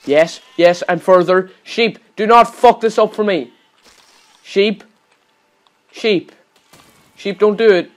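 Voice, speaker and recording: Cursing young man yelling at a game. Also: sits high, slow, long pauses. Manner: swears constantly, yells at the game in frustration. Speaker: gaming channel host. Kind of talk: gameplay commentary.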